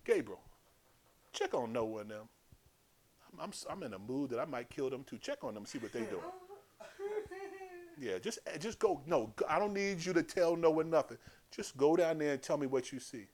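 A man preaching voices God as a casual, dismissive male boss giving offhand orders in a hushed way. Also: on the high side, lively intonation, normal speed, long pauses, close to an everyday voice.

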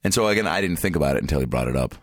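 A man guesting on a podcast, animated and casual, swearing and saying "dude" a lot as he tells stories. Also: very fast, no room sound, studio quality. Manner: animated storyteller, acts out dialogue in high voices. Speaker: comedian guest.

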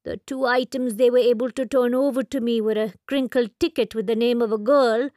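A woman voicing a grieving, resolute Catholic nun who speaks in a quiet, measured way, in an audiobook. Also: a little high, steady tone, no echo, clean studio sound, natural voice. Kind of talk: audiobook character voice.

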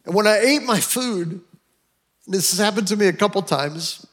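An American pastor with a high voice for a man tells stories from the pulpit. He talks in a heartfelt, emotional way and often restarts his sentences. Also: expressive, normal speed, fairly bright tone, slight background noise. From United States. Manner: storytelling, emotional, with many restarts. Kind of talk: sermon with personal stories.

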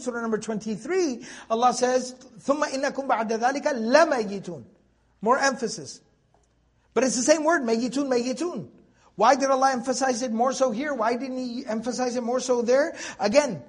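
A young man giving a conversational Quran tafseer lecture, reciting Arabic verses and asking rhetorical questions. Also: very high-pitched. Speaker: Quran teacher.

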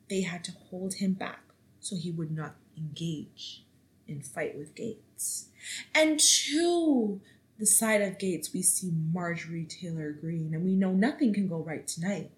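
Young female podcast host, chatty and theatrical, swings her pitch way up for emphasis. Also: rough recording. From Canada. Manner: animated, dramatic storytelling with sudden pitch jumps. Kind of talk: casual solo podcast commentary.

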